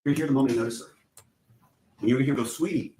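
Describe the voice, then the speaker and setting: In a courtroom opening statement, a male prosecutor of ordinary pitch lays out the evidence piece by piece in a steady, methodical way, though his pace is racing. He speaks directly to the jurors, repeatedly telling them "you're gonna" see and hear things.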